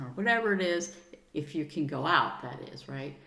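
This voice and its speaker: A middle-aged woman with a fairly low voice, speaking earnestly and soothingly as a podcast guest. She coaxes gently and uses soft pet names. Her voice carries a noticeable room echo. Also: sing-song, a little fast. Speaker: podcast guest, sound healer. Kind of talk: casual interview chat. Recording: roomy echo.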